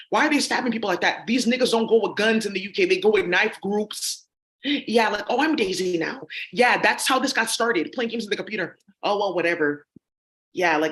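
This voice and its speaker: A woman's voice: medium pitch, a bit bright. A woman vlogger talking straight to her viewers in a rambling, accusatory monologue full of ums and uhs. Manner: rambling and accusatory, heavy with fillers. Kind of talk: rambling direct-to-camera monologue.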